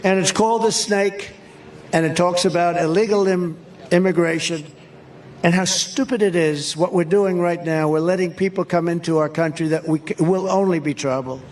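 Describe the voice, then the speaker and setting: A man's voice: high voice, fairly even intonation, normal speed, far from the mic, a little hiss or hum. An older man speaking at a rally, rambling with emphatic asides before reciting a poem. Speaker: politician. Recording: echoey rally sound with crowd ambience.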